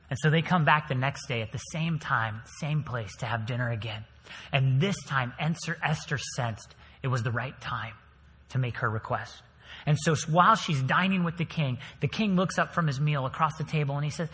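Pastor, animated sermon storyteller, bright forceful voice, long church reverb. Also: male voice, mid-range voice, moderate pace. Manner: animated storytelling, dramatic swings in volume.

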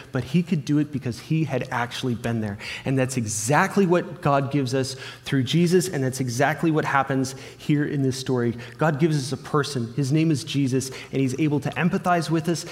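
A man's voice: fairly high pitch, darkish tone. A man giving a sermon, telling a personal story in an earnest way and acting out the remembered dialogue. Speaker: pastor. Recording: reverberant hall.

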